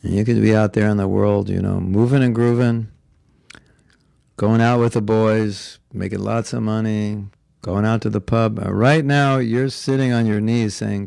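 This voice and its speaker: A man's voice: fairly low pitch, fairly even intonation, moderate pace, creaky, darkish tone, no room sound, studio quality. A man giving a devotional class in an earnest, conversational way, sounding a little congested and often slipping into quoted voices. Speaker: spiritual teacher. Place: Alachua, Florida.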